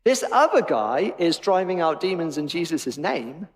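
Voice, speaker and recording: A man's voice: on the high side, very animated, normal speed. A man preaching a sermon in a church, emphatic and wry in tone. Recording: long reverb of a church hall.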